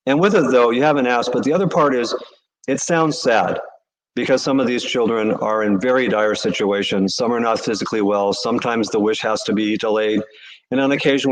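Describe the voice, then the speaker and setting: A man, a charity CEO, answering interview questions with earnest, animated storytelling. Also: medium pitch, low-quality recording.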